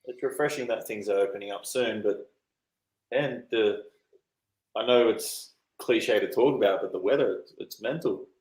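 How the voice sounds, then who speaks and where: A man's voice: lowish voice, normal speed, a little mellow, reverberant, poor audio. A man with an Australian accent, joking in casual chat, full of slang and swearing. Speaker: co-host.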